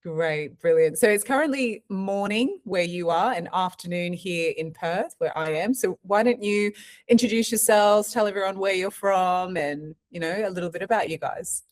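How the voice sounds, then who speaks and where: A woman's voice: medium pitch, normal speed. A woman hosting a podcast, welcoming guests and asking questions with brief encouraging affirmations. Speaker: podcast host. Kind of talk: friendly podcast interview.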